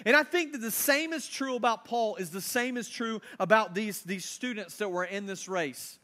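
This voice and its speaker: A man's voice: high voice, normal speed, bright, forceful tone. A man in his thirties, a pastor preaching a sermon in a casual storytelling way, asking the crowd questions.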